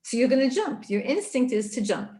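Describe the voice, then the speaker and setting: Lady giving a live torah class online, lively, chatty listeners, middle-aged. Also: sits high, brisk. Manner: animated, speaks to listeners directly. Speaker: Torah teacher.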